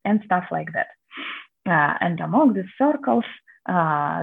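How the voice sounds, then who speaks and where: Russian-accented woman guest, low husky gravelly voice, halting English, heard over a thin phone-quality line. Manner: halting, many restarts and fillers, laughs mid-sentence. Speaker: activist and public historian guest. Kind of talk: interview answers. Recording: tinny phone-line audio.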